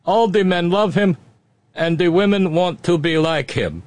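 A man putting on a cheesy Russian accent to voice a boastful male state spokesman, loud and pompous. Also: sits high, measured pace, no room sound, voice pushed up. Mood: blustering. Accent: put-on cheesy Russian accent. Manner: loud, pompous and over-the-top.

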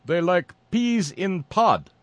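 A man voicing a male activist in a deliberately thick, bad Russian accent, speaking slow, broken English. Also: high voice, sing-song, fairly bright tone, no room sound, pitched above the performer's own voice, exaggerated voice. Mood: mocking. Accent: put-on thick Russian.

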